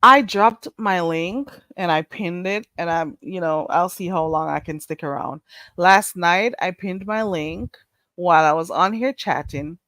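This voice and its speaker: A woman's voice: lowish voice, unhurried, sharp tone, no echo. A woman hosting a casual livestream, talking bluntly and animatedly with bursts of laughter. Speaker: livestream host.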